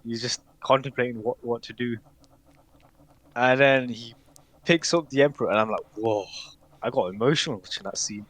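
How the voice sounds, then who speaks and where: A man in casual podcast conversation, voice in the middle range for a man. He talks haltingly, stopping and restarting with ums and likes. The sound is dry and close, with no room around it. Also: medium pitch, fairly bright tone, dry recording. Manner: hesitant, many fillers and restarts, laughs often. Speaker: podcast co-host. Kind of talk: casual chat.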